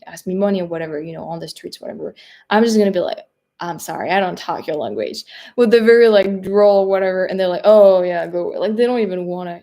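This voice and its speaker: A woman's voice: on the low side, darkish tone. A young woman from France with a French accent, hosting a casual livestream and chatting loosely with viewers, full of fillers and little laughs. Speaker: livestream host reading viewer chat. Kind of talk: casual live-stream chat.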